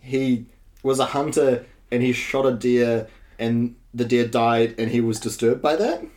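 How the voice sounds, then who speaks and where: A man's voice: medium pitch, fairly even intonation, measured pace, darkish tone. A man with a southern New Zealand accent co-hosting a casual chat, asking questions and trailing off hesitantly. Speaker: podcast co-host.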